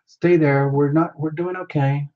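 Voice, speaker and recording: A man's voice: on the high side, steady tone, a little slow. A man hosting a live tarot reading stream, talking in an earnest, rambling way full of filler words. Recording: slightly dull lo-fi audio.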